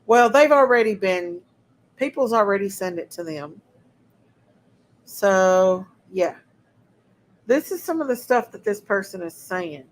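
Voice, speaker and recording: A woman's voice: medium pitch, expressive, unhurried, long pauses, poor audio. A woman hosting a casual livestream, talking to her chat viewers and sounding indignant. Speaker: livestream host.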